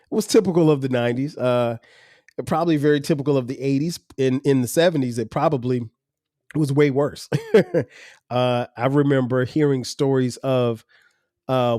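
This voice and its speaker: A man in his forties hosting a podcast, telling relaxed stories with slang, frequent laughs and "um" pauses. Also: medium pitch. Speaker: podcast host. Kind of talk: casual storytelling monologue.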